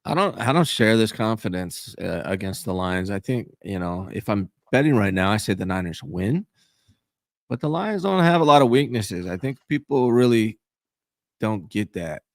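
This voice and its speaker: Male sports talk co-host, lowish voice, dry close mic, emphatic analytical delivery. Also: big pitch swings, normal speed, creaky, no echo. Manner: emphatic, analytical, drops to low mutters. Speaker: podcast co-host.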